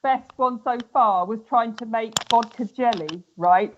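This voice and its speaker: A woman's voice: a little high, a little slow, highs cut off. Woman, 40s, casual storyteller, laughs, slight background hiss. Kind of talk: casual chat, telling funny stories.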